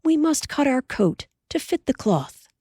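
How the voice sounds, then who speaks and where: A woman reading an audiobook voices Ma, a practical frontier mother who speaks in a calm, reassuring way. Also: sits high, measured pace, no echo, clean studio sound, pitched above the performer's own voice.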